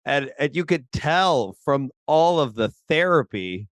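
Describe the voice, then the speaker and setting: A man co-hosting a podcast, discussing a TV episode in a lively way and acting out the characters' lines. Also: on the high side, unhurried, no echo. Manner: animated, acts out quotes, laughs easily. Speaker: podcast co-host. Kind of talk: casual discussion of a TV show.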